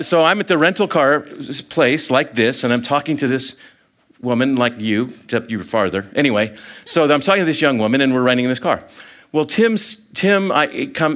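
A middle-aged man giving a sermon as a story, animated and chatty, full of fillers and restarts, acting out the people in it. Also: mid-range voice. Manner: animated storyteller, acts out voices, many fillers. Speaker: guest speaker.

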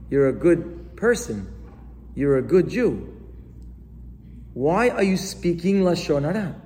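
A man giving an animated sermon, as a rabbi to a live audience, acting out questions and excuses. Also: high-pitched. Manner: animated, acts out questions and excuses in different voices. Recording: long hall reverb.

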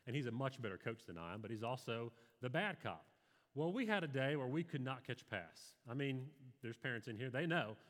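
Earnest preacher, lively pitch, echoing hall. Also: male voice, a little fast. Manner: earnest, conversational preaching with personal stories. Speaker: pastor. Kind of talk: sermon.

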